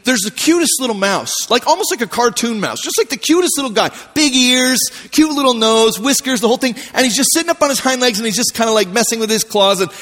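High-voiced preacher in a reverberant hall. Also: male voice, fast talker, hardly any pauses. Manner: conversational storytelling with lively voiced asides. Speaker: pastor. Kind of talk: sermon.

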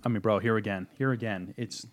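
Fast-talking man in casual beer chat. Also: on the low side, fairly even intonation. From Virginia. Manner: joking, rambling, swears casually. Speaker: beer review podcast co-host.

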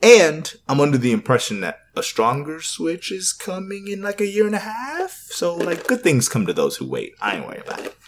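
A man's voice: fairly quick, hardly any pauses, a little hiss or hum. A man co-hosting a casual gaming podcast, talking in a laid-back, slangy way. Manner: laid-back slangy talk with lively pitch swings.

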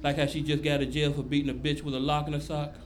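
A man from Memphis doing a crude, animated stand-up routine on a club stage. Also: on the high side, very fast. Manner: loud, crude, animated storytelling. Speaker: stand-up comedian. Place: comedy club stage before a live audience. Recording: live club recording with noise.

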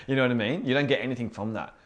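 A man's voice: medium pitch, fast talker. A young man giving an informal, earnest sermon, chatty and full of fillers like "you know what I mean". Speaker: preacher.

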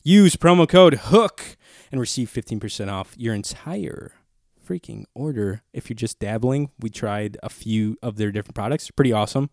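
A man's voice: medium pitch, expressive, normal speed, darkish tone, no echo, clean studio sound. A man hosting a casual podcast, rambling, joking and reading a sponsor spot. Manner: laid-back, rambling, joking. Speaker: podcast host. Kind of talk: casual podcast chat with ad reads.

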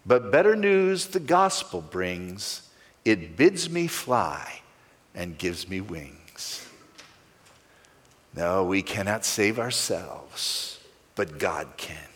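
Man preaching with big sweeping pitch swings. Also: sing-song, drawn-out words, a bit bright, long reverb tail. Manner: preaching with sweeping rises and falls, stressing key words. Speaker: pastor. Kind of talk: sermon.

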